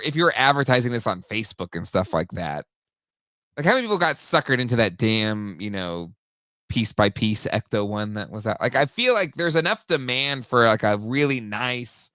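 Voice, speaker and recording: A man's voice: fairly low pitch, sharp tone, no echo, studio quality. A man hosting a casual podcast, talking toys with enthusiasm and lots of restarts. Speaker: podcast host. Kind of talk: casual chat.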